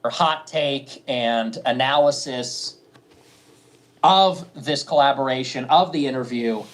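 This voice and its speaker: A man's voice: medium pitch, slow pace. A man in a played interview clip, answering earnestly about how others see him. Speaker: political commentator.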